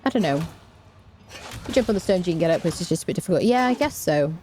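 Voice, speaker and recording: A woman's voice: lowish voice, expressive, fast talker, a little mellow. Chatty woman streaming a game. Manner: chatty, rambling, lots of fillers and restarts. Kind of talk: casual gameplay commentary.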